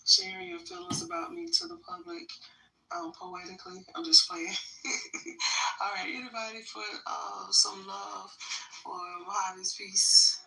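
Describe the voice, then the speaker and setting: Woman in a chat room, playful, teasing, gravelly, distant mic. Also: medium pitch, lively intonation, a little slow, sharp tone. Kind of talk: casual chat.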